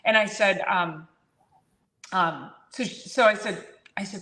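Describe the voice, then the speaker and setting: A woman hosting a chiropractic talk show, telling a patient story in a casual, animated way and acting out both sides of the conversation. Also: fairly low pitch, moderate pace. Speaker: chiropractor and podcast host. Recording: roomy echo.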